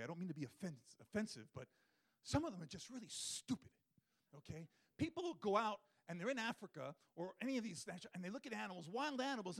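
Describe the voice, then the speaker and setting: A man telling a wildlife story to an audience in an animated way, acting out his own thoughts and the animals with big swings of voice. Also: high-pitched, gravelly. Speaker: wildlife photographer giving a talk.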